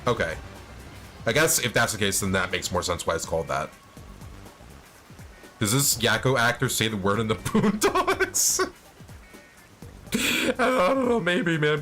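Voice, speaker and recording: A young man chats over his game stream, rambling and swearing, breaking into laughs. His voice is bright and swings up and down with excitement. Faint game music sits under him. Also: medium pitch. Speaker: let's play streamer. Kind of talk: casual gameplay commentary.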